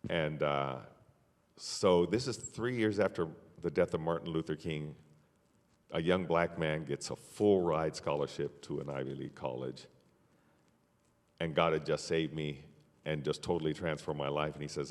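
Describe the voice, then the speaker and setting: An older man telling his life story as an interview guest, measured and unhurried, with frequent fillers and soft laughs. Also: a bass voice. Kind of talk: personal testimony in conversation. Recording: long hall reverb.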